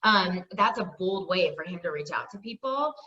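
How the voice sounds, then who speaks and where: Bright, upbeat woman leading a team call. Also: lowish voice, animated, normal speed, recorded from a distance, muffled recording. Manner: enthusiastic, chatty, peppered with "like" and "right?". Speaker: team leader hosting a sales team call.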